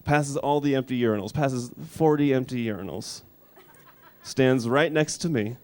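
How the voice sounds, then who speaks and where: A man in his thirties doing a stand-up set in a studio, with dry, deadpan delivery and frequent restarts. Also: mid-range voice, normal speed. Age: 30s. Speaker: stand-up comedian. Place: music studio.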